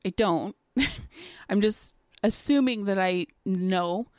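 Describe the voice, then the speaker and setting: A woman's voice: medium pitch, takes it slowly, no room sound, clean studio sound. A woman co-hosting a podcast with her husband in easygoing casual chat, often laughing. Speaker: podcast co-host.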